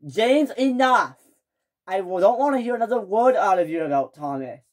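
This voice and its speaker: A woman's voice: medium pitch, lively intonation, normal speed, a little mellow, close to an everyday voice. A woman voicing a strict middle-aged male railway controller in a toy train story, scolding in firm, clipped orders. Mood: stern.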